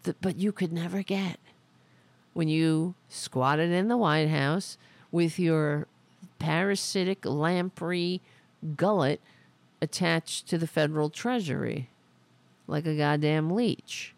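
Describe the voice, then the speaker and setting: A woman's voice: low voice, takes it slowly, vocal fry, darkish tone, no room sound. A woman hosting a political commentary podcast, delivering a sarcastic, profane, indignant opinion rant.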